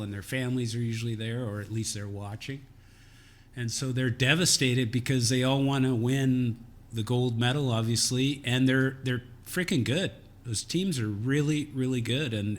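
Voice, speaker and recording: A man from Canada, a former hockey player co-hosting a podcast, recalling his playing days in a relaxed, candid way. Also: mid-range voice, moderate pace. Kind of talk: casual chat. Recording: faint background noise.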